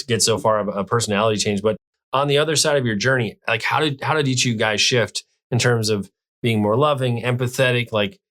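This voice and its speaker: A man hosting an interview who asks questions in a relaxed, conversational way with some fillers. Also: lowish voice. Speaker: podcast host.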